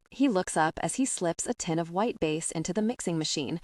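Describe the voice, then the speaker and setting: A woman reads a first-person audiobook in a measured, wry manner. Her voice sits low, and the recording is dry and close, with no room sound. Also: lively intonation, darkish tone, dry recording. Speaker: audiobook narrator. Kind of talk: first-person scripted narration.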